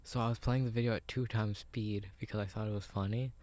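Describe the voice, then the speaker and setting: A man's voice: fairly low pitch, fairly even intonation, fast, darkish tone. A young man co-hosting a podcast in whispered role-play, rambling and laughing at the idea. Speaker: podcast co-host.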